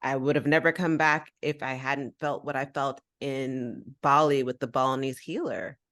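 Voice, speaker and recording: A woman's voice: extremely low pitch, normal speed. A woman from the United States hosting a podcast, telling a personal story in casual chat and acting out the voices of people in it. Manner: animated, acts out voices in her stories. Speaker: podcast host.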